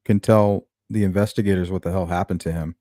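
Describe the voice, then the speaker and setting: A man's voice: low-pitched, fairly even intonation, a little fast, mellow, no room sound, studio quality. A man hosting true crime commentary, talking casually and thinking aloud as he reacts to news clips. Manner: conversational, thinking aloud with fillers.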